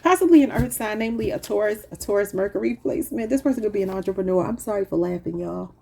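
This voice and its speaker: A woman's voice: medium pitch, fast, gravelly, darkish tone. A woman giving a casual tarot reading, chatting to viewers and laughing often at her own cards. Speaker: tarot reader.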